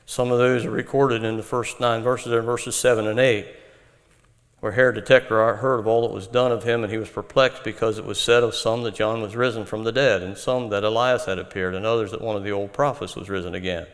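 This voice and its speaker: A man preaching an earnest, measured Bible-teaching sermon. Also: fairly low pitch, steady tone, in a large hall.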